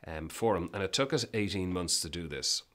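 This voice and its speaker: A man with a very low voice speaks as a guest in a relaxed interview. He tells his stories emphatically and animatedly, often breaking off and restarting his sentences. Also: fairly quick. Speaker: business guest. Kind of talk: casual interview storytelling.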